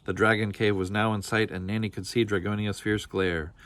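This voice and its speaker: A man reading a children's storybook aloud with steady, expressive storytelling. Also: lowish voice, fairly quick. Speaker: storybook reader.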